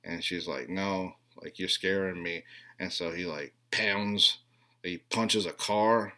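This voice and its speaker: Guy in his late 30s, low voice, crude rambling movie rant, deadpan, does silly mocking voices. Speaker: comedic movie recapper. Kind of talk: rambling comedic monologue.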